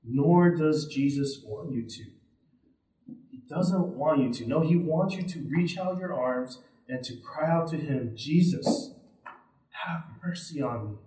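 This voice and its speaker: A man's voice: on the high side, unhurried, dark tone. A man preaching a sermon as pastor, earnest and direct, often checking in with his listeners by asking "right?". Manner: earnest and direct, with frequent tag questions. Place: church sanctuary. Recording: roomy sound from a distant mic.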